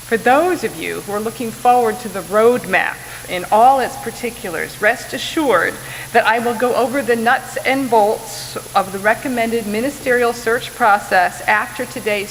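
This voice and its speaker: A woman's voice: medium pitch, fairly bright tone. Woman preaching in a reverberant church. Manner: measured, wry, laughs at own asides. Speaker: guest preacher. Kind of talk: sermon. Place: church sanctuary. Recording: reverberant church hall, faint hiss.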